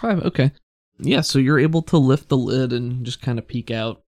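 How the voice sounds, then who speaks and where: Gravelly-voiced man running a tabletop game. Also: mid-range voice. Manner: relaxed, halting, full of fillers. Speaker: game master.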